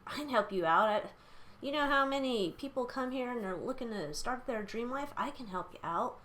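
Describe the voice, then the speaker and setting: A woman voicing a smooth-talking male con man with a put-on accent, falsely friendly and coaxing. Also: a little high, expressive, normal speed, fairly bright tone, a little hiss or hum, voice pushed up. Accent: put-on pseudo foreign accent.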